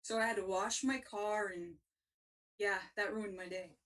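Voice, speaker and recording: Female co-host, animated storyteller, mid pitch, slightly distant pickup. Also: unhurried. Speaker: podcast co-host. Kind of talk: casual storytelling.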